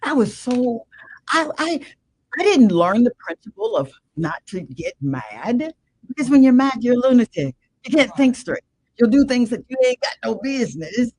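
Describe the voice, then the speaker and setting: A woman's voice: fairly high pitch, big pitch swings, moderate pace, darkish tone, husky, no room sound, low-quality recording. An older woman guest telling a personal story of faith in an emphatic, preacher-like way. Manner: emphatic, preacherly, calls listener "man". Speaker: guest, radio show host. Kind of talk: emotional personal testimony.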